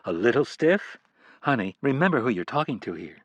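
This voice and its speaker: A man narrating an audiobook voices a blunt, sharp-tongued wife who teases her husband with wry remarks. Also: mid-range voice, sing-song, fairly quick, husky, no echo, muffled recording.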